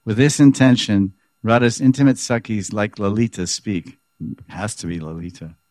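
A spiritual teacher leads a scripture class, reading a commentary aloud and explaining it while animatedly acting out the quoted speakers. His voice is on the low side, a little mellow, at a moderate pace, with no echo.

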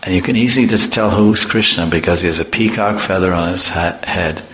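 A man voicing a scheming tyrant king giving brisk instructions. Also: low voice, a bit bright, pitched below the performer's own voice. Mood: instructing. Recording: echoey room, faint noise.

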